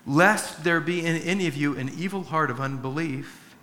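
A male pastor preaching a sermon, telling personal stories in an animated way with frequent chuckles. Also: on the high side, normal speed, a little hiss or hum. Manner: storytelling, animated, chuckles often.

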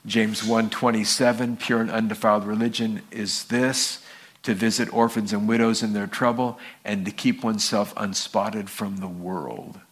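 This pastor talks at a normal speed in a slightly rough voice as he preaches. His sermon is animated storytelling, and he plays the people in his stories with a raised voice, pitching it high for their quoted lines.

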